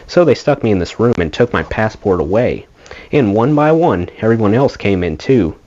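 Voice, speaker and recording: A man's voice: on the low side, very animated, moderate pace, a little mellow. A man reading a rock memoir aloud as an audiobook, in a casual storytelling way. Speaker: audiobook reader. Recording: dull lo-fi home recording.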